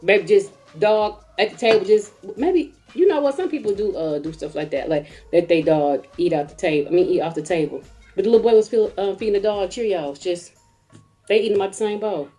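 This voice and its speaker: A woman, a mother, telling a comic story in a casual rant, animated and acting out other people's voices. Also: medium pitch, brisk, soft background music.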